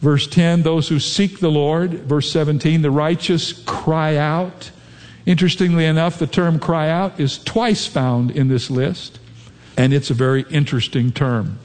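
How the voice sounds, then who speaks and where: Male pastor preaching, kinda high voice, long hall echo, earnest. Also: fairly even intonation, unhurried, a little mellow. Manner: earnest preaching, acts out sample prayers, chuckles often. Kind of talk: sermon.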